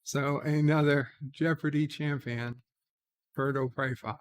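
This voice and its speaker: A man's voice: fairly high pitch, fairly even intonation, unhurried. A man hosting a casual live stream, reading viewer comments aloud and answering them offhand, with frequent "uh" hesitations. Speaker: livestream host reading viewer chat. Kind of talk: casual late-night live stream chat.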